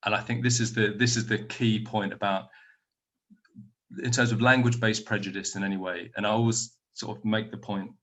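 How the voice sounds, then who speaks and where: A man's voice: on the low side, level tone, fairly quick, a bit bright. A man speaking at an online conference, answering audience questions over a video call from home in a thoughtful, explanatory way.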